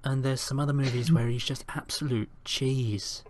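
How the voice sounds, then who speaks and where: A man's voice: medium pitch, steady tone, normal speed. A man hosting a casual podcast chat, opinionated and emphatic as he talks. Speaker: podcast host.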